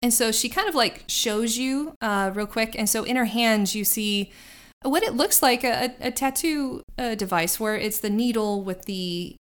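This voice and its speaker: A woman's voice: fairly high pitch, normal speed, a bit bright. A woman narrating a tabletop game as game master, descriptive and rambling with restarts.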